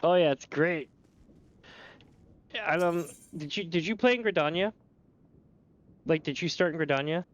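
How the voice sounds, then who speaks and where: A man's voice: on the high side, normal speed, pauses often. A man streaming a game, chatting casually and telling rambling stories with laughter. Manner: rambling, animated storyteller who often laughs and slips into voices.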